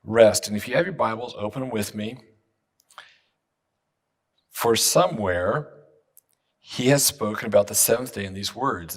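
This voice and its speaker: A male pastor delivering a sermon in a church, with a husky, slightly breathy voice. He teaches in a conversational way and asks the congregation to answer and repeat words after him. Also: on the low side, unhurried, long pauses. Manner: teaching, leads the congregation in call-and-response. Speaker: guest pastor. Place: church sanctuary.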